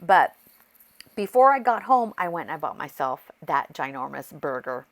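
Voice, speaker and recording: Chatty, excitable woman with a low voice. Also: normal speed. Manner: excitable, rambling storytelling with frequent restarts. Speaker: crafting vlogger. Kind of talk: casual chatty voice-over. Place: home craft desk.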